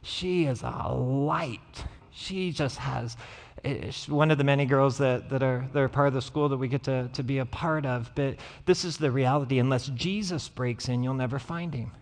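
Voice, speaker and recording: Creaky and medium-pitched, a male pastor speaks at normal speed during a sermon in a church sanctuary. His preaching is storytelling in which he acts out the quoted voices, captured with church hall reverb.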